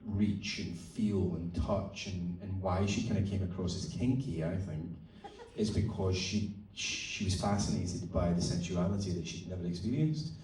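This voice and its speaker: Heard from far back in the audience on a phone, an actor guest at an onstage festival interview tells chatty stories full of swearing and laughter in an echoey event hall. His voice is low and darkish, with fairly even intonation and a normal speaking speed.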